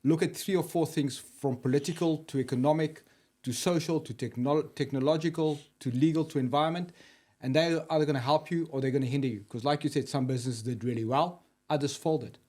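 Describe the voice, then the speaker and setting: A man's voice: on the high side, brisk, warm tone. A man co-hosting a casual business podcast, laying out his points as simple lists. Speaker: podcast co-host.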